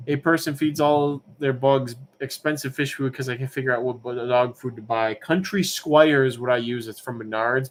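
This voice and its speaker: A man with a mid-range voice hosts a live-streamed auction in a casual, rambling style. He wanders easily between answering viewers' questions and calling the lots, and a faint hum of noise sits under his voice. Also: mid-range voice. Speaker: livestream auction host.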